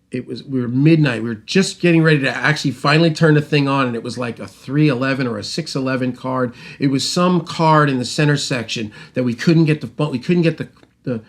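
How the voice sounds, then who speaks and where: A middle-aged man tells a long story in a loose, casual way. He rambles and restarts, then acts out what other people said. His pitch is ordinary, neither high nor low. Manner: animated, rambling, with restarts and acted-out quotes. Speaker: host, mixing engineer.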